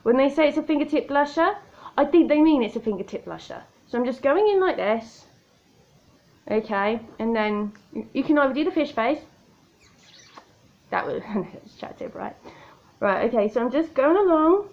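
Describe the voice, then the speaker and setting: A woman's voice: high-pitched, expressive, normal speed, pauses often, lo-fi sound. A woman chatting self-mockingly through a makeup tutorial at home, talking straight to the viewer. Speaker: makeup vlogger. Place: indoor room by a window. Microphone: tablet camera.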